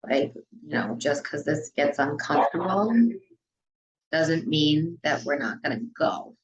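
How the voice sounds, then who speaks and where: A woman with a low-pitched voice talks casually as a podcast guest. She runs a dance studio and peppers her sentences with "you know" and "like" as she goes. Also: lively intonation, a little slow, lo-fi sound. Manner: chatty, frequent "you know" and "like" fillers.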